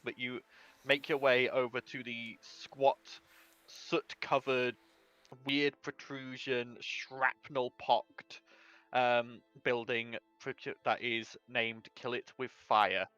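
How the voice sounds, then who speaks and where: A man's voice: mid-range voice, little pitch movement, takes it slowly, bright, forceful tone, smooth, no room sound. Man, game master, loose rambling narration; dry, muffled sound with faint music. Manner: loose, rambling descriptions with fillers.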